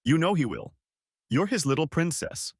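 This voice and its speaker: A man playing a graying, middle-aged cheating husband who talks in a sharp, insistent way. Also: mid-range voice, big pitch swings, fairly quick, no room sound, clean studio sound, voice pushed up. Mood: sneering.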